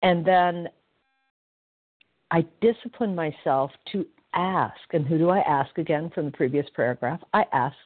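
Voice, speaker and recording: Low-voiced woman on a tinny phone line. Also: no echo. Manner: reflective, self-mocking, halting. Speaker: member sharing at a phone meeting. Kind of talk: recovery meeting share.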